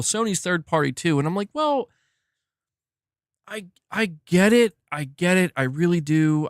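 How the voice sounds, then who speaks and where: Man, casual live-stream chat, slangy, animated, laughing, slightly high voice, dry close sound. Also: dry recording. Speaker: gaming news streamer.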